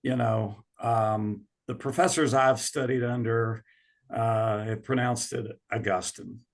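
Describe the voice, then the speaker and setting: A man speaking as a guest professor on a podcast, in a measured, slightly halting way. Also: mid-range voice, steady tone. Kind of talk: casual interview.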